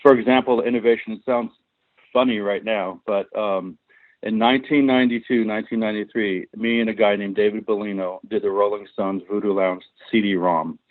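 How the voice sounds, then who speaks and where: A man's voice: fairly low pitch, steady tone, a little fast, no room sound. A man as a filmmaker guest in an interview, telling long, passionate stories about his work. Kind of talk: interview storytelling. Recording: tinny dry phone-like line.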